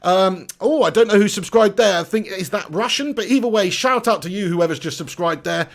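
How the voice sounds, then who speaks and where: A man hosts a live stream in an upbeat, chatty way. His voice sits a bit high and has a gravelly edge. He reads out viewer comments as he goes. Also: fairly quick. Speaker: football fan channel host.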